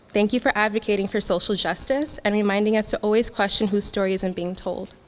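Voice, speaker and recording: A young woman giving a heartfelt graduation speech, laughing often and getting emotional as she thanks her classmates. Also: medium pitch. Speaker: graduating student speaker. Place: graduation ceremony hall. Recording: long hall reverb.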